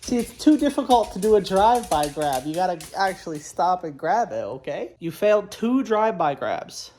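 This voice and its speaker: A young woman casually chatting in a vlog at home, tired and unhurried, swearing now and then. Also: on the low side, sing-song, dark tone, soft background music. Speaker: vlogger, truck driver.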